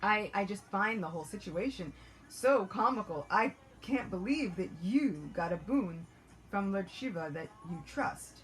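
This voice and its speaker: A woman voicing a charming, persuasive young male priest who coaxes with soft hesitant asides. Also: mid-range voice, expressive, unhurried, faint music behind, natural voice, rough recording. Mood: sly. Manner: smooth, coaxing, hesitant fillers.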